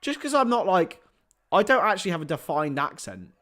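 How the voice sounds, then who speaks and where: A lively young man with a slightly high voice calls a football match live, and his pitch swings widely as the action builds. Between attacks he trades teasing banter with his co-host and his chat. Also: a little fast. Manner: playful banter mixed with excited play-by-play. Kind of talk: live football watchalong commentary.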